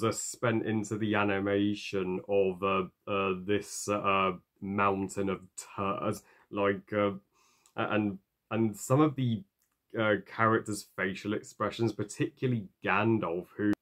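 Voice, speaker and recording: A man giving a ranting film review, halting, with many fillers and curses. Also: fairly low pitch. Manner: halting, full of fillers and profanity.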